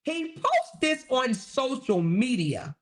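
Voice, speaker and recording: A woman's voice: high-pitched, very animated, slow pace. A woman hosting a commentary livestream, talking in a blunt, sarcastic, profane way. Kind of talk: casual commentary.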